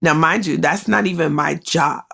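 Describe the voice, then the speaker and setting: Candid woman host with a gravelly voice. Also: low voice, moderate pace, fairly bright tone. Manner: candid and emotional, talks straight to listeners; conversational, with many "like" fillers. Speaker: podcast host. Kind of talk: personal storytelling.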